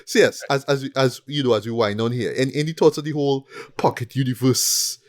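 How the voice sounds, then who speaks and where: A man hosting a casual movie review chat, animated and repeating himself with tag questions. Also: medium pitch, a little fast. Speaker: podcast host.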